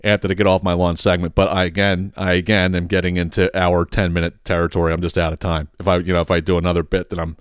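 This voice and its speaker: A man's voice: low-pitched, little pitch movement, fast talker, few pauses, clear, resonant tone, no echo, clean studio sound. A man hosting a podcast, ranting heatedly with plenty of profanity. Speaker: podcast host.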